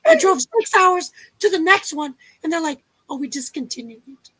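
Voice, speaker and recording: A woman with a very high, light voice teases and jokes her way through a casual livestream chat. She talks in quick bursts, playful and mischievous with her co-hosts. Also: expressive, a bit bright, no room sound, rough recording. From Canada. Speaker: co-host.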